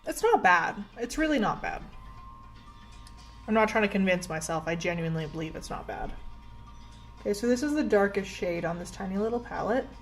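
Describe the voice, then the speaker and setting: A young Canadian beauty vlogger chats casually at home while doing her makeup, in a get-ready-with-me style that is self-deprecating and packed with "like." Her medium-pitched voice has lively intonation, moves a little fast, and leaves long pauses. The audio is poor, with soft music playing faintly behind her.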